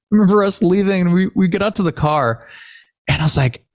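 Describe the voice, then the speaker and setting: A man's voice: sits high, fairly quick. A man co-hosting a podcast, telling family stories in a casual chat and laughing often. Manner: animated storytelling, laughs often. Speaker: podcast co-host.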